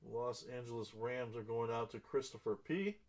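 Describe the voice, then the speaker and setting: At a moderate pace and in a mid-range voice, this man runs a live trading card break. He calls out every card along with the buyer's name, erupting in excitement over the big hits.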